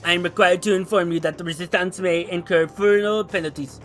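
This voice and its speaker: A stern corporate enforcer from a game, reading out rules in a measured, bureaucratic tone, as a streamer puts him on. The voice sits fairly high and bright. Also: male voice, fairly even intonation, soft background music. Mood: stern, formal.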